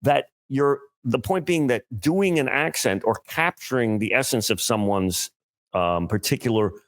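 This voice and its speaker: A man's voice: mid-range voice, lively intonation, measured pace. A man co-hosting a comedy podcast, talking in a rambling, self-interrupting way and laughing often. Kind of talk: casual comedy podcast chat.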